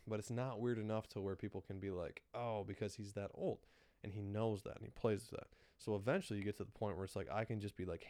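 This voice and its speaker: A man's voice: fairly low pitch, a little mellow, no echo. A young man co-hosting a podcast in casual chat, rambling with lots of fillers and frequent laughs. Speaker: podcast co-host.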